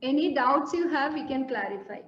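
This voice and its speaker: A woman's voice: high-pitched, animated, normal speed. A woman giving an earnest, coaxing mental health talk on an online call, repeating her points with many fillers. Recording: echoey room, dull lo-fi audio.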